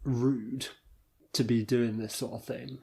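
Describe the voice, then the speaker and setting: A man's voice: mid-range voice, takes it slowly, vocal fry, breathy edge. A British man co-hosting a podcast, talking in casual, sweary banter and acting out little scenes as he tells a story. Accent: British English. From England. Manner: animated, sweary storytelling with acted-out voices. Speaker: podcast co-host.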